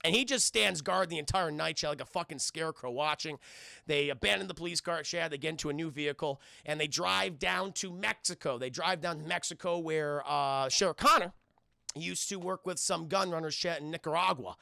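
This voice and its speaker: A man excitedly retelling a film scene by scene to his stream chat, swearing freely and briefly acting out the characters' lines. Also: fairly high pitch, vocal fry, no echo, studio quality. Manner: excitable, swears, acts out lines in quick voices. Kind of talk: casual scene-by-scene recap.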